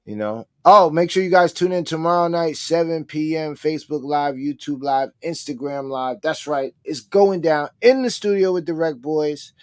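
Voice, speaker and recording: A man's voice: fairly high pitch, moderate pace, hardly any pauses, no room sound, clean studio sound. A man co-hosting a live-streamed talk show, chatting in a laid-back way full of casual slang. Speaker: co-host.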